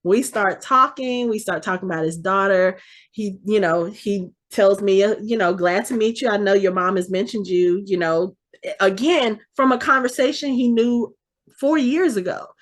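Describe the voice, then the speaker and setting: A woman's voice: medium pitch, normal speed. A woman in her forties co-hosting a podcast, telling a story in casual chat and acting out the voices of the people she quotes. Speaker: podcast co-host.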